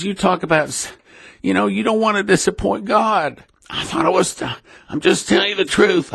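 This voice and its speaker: Earnest middle-aged ministry leader, gravelly, dry close sound, emotional testimony. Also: male voice, a little high, a bit bright, no echo. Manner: earnest, emotional, repeats himself often. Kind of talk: personal testimony to listeners.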